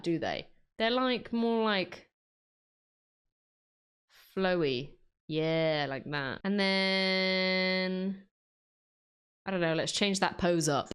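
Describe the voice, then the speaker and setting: Chatty woman with a lively, bouncy voice. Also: medium pitch, smooth. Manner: chatty, self-mocking, talks to herself. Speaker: artist and video creator. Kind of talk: casual commentary while drawing.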